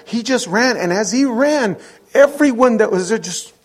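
A middle-aged man preaching a sermon, telling a story with lively acted-out moments and sudden shouts. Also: extremely high pitch, moderate pace. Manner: animated, acts out scenes with sudden shouts. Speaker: pastor.

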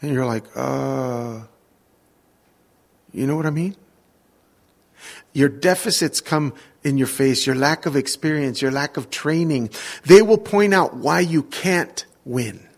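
A middle-aged male preacher with a gravelly, husky voice. He talks in a relaxed, conversational way, mixing scripture reading with personal stories. He keeps checking in with his listeners. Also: medium pitch, slow pace, long pauses. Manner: casual, asks the congregation for responses. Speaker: worship leader and preacher. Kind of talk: conversational sermon with storytelling.

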